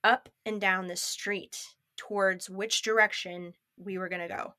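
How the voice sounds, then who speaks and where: Woman, interview guest, personal story, bright tense voice, dry close sound. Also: mid-range voice, measured pace, no echo. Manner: lively, acts out others' lines in quotes.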